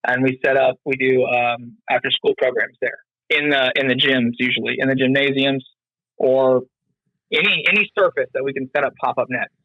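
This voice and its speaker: Podcast guest, male, mid pitch, loose rambling delivery, dry muffled audio. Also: steady tone, normal speed, no echo. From North Carolina. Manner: rambling, lots of fillers and restarts. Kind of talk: casual interview chat.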